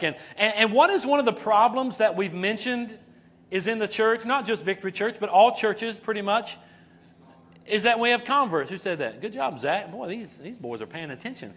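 Pastor, male, high-pitched, preaches in a chatty way, punctuates with "right?", asks the room to repeat key words. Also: fairly bright tone. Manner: conversational, many "right?" and "okay?" tags. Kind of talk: sermon. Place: church sanctuary before a congregation.

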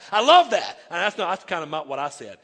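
A man's voice: high voice, big pitch swings, normal speed, bright, forceful tone, breathy edge. A male pastor preaching a sermon, reading scripture aloud with emphatic asides and stumbling restarts. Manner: repeats words when starting sentences. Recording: echoey hall reverb.

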